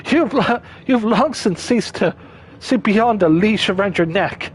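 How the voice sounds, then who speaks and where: A man's voice: sits high, animated, unhurried, husky, full character voice. A man voicing a laid-back male surfer-dude freedom fighter who throws out drawling, scornful retorts.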